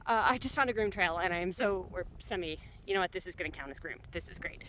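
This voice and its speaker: A woman's voice: lowish voice, expressive, fast, fairly bright tone, slight background noise, poor audio. Breathless woman vlogging while skiing. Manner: chatty and upbeat, laughing often, many fillers. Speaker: solo backcountry skier filming herself. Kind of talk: casual vlog narration. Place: outdoors on a snowy mountain trail.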